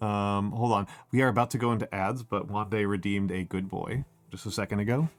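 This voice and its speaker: A streamer rambles wryly through a casual livestream chat, joking, restarting sentences, leaning on fillers, and admitting he's short on sleep. His voice is fairly low and brisk with fairly even intonation, and there's no room sound.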